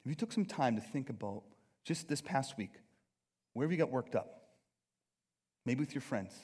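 A man's voice: medium pitch, expressive, moderate pace, darkish tone, husky. A man preaching a sermon in an earnest, conversational and self-deprecating way. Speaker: pastor.

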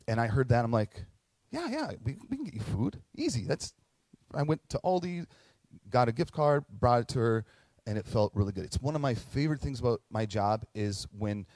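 Earnest middle-aged pastor, dry close sound. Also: male voice, mid-range voice, a little mellow, no echo. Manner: conversational, earnest storytelling with acted quotes. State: tearing up at moments. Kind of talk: sermon.

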